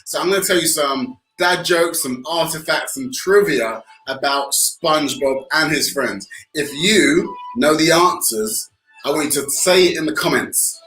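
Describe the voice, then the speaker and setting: A man with a British accent co-hosting an art class for kids, playful and joking, cheering his young viewers on. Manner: playful, joking, shouts "Boom!". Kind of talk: upbeat kids' tutorial patter. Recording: echoey room.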